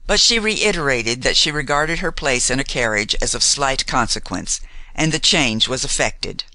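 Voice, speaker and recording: Bright-voiced male audiobook narrator. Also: mid-range voice, animated, moderate pace, dry recording.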